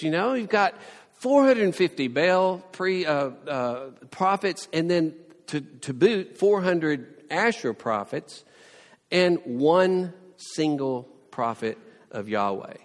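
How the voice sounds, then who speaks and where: A man preaching a sermon, telling the story with lively, playful asides and mock sarcasm. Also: high voice, slow pace, big-room sound.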